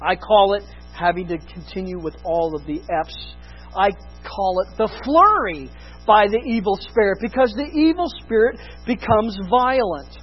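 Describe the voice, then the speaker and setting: Husky-voiced preacher going loud then quiet, muffled lo-fi sound, bit of music behind. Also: mid-range voice, lively intonation, unhurried. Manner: emphatic, swinging from loud to hushed. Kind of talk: expository sermon.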